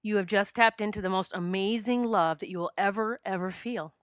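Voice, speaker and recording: A woman's voice: medium pitch, brisk, no room sound, clean studio sound. A middle-aged woman hosting a podcast, telling a personal spiritual story with heartfelt emotion that chokes her up. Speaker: podcast host.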